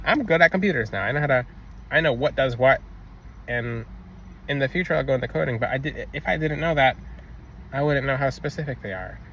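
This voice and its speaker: A young man with a bright, forward voice talks through his ideas about faith in a loose, rambling vlog style. He circles back on himself, restarts phrases and leans on fillers as he goes. A faint hum of traffic sits behind him. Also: mid-range voice, muffled recording. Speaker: vlogger. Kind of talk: casual spiritual vlog talk.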